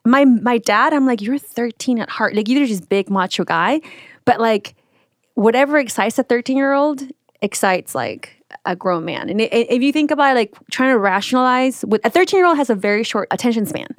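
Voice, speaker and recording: A middle-aged woman talking in casual chat, animated and rambling, often restarting her sentences. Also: on the high side, a little fast, dry recording, studio quality.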